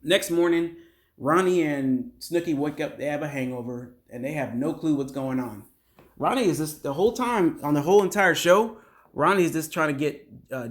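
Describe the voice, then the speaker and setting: A man's voice: fairly high pitch, a bit bright. Casual man recapping a reality episode. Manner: rambling, filler-heavy retelling with "like" and "you know". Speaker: show recap host.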